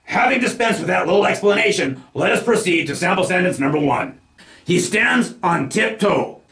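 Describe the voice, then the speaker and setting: High creaky-voiced man teaching a lesson. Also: expressive, fairly bright tone, echoey room. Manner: slow deliberate enunciation of example sentences. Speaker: language teacher. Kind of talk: scripted language lesson narration.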